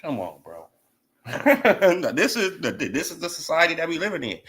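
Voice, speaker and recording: Animated man ranting in slang. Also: moderate pace, husky. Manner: animated, swings from shouting to low mumbling, slangy. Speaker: boxing commentary channel host. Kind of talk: casual ranting commentary.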